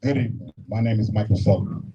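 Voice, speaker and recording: A man's voice: on the low side, fast, warm tone, breathy edge. A man from South Carolina giving a rally speech, rousing the crowd with call-and-response. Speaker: rally speaker leading a chant. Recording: dull lo-fi recording, faint noise.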